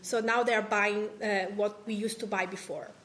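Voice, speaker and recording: A woman's voice: medium pitch, steady tone, moderate pace, fairly bright tone. A woman from Italy with an Italian accent, a food writer and podcast host talking on a live panel, chatty, with many fillers and restarts. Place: cultural association event room.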